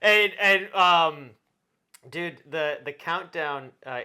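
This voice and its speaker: A man co-hosting a podcast, chatting casually about a film, excitable, restarting his sentences and laughing a lot. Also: fairly high pitch, slow, clean tone. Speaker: podcast co-host.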